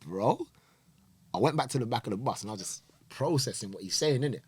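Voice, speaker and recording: A man's voice: mid-range voice, brisk, breathy edge, no echo. A man telling stories as a podcast guest, acting out the people in them and using slang. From England. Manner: animated, acts out quoted voices, London slang. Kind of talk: casual storytelling.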